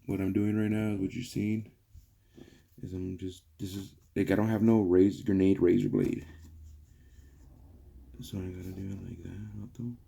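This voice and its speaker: A man's voice: deep voice, level tone, measured pace, gravelly, pauses often, warm tone, slight background noise. A young man rambling casually to viewers in a garage vlog, calling them guys. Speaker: car vlogger. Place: home garage workshop.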